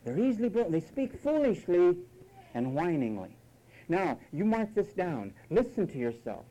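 Dark-toned animated male preacher. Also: high voice, normal speed, poor audio. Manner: emphatic, mocking, imitates whiny voices. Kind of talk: sermon.

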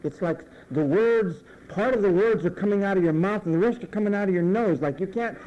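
High-voiced emphatic male preacher. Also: highs cut off. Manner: emphatic, with drawn-out falling phrase endings. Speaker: pastor. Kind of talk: sermon.

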